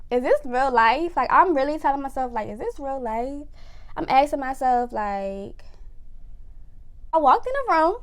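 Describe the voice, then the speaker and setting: A young woman casually telling a personal story to camera, talking fast with lots of fillers and acting out what people said. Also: high voice. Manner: fast, animated retelling with lots of "like" and acted-out quotes.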